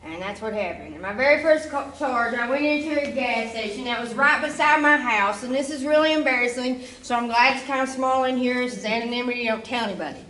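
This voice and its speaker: Young woman, bright voice, conversational testimony, roomy distant sound. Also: a little high, brisk, hardly any pauses, a little hiss or hum. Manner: casual storytelling with frequent asides. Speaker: speaker giving a recovery testimony. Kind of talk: personal testimony.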